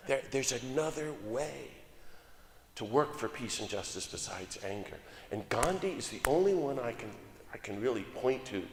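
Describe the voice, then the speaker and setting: An older man preaching a lively, joking sermon as a guest speaker, swinging between loud exclamations and soft asides. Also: medium pitch, slight background noise. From United States. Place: church sanctuary. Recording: long hall reverb.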